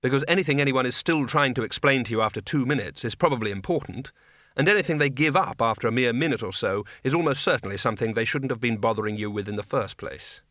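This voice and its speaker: A man's voice: mid-range voice, quick pace, fairly bright tone, dry recording. A man narrating a comic fantasy audiobook in a dry, wry storytelling manner on a close studio mic. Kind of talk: scripted narration.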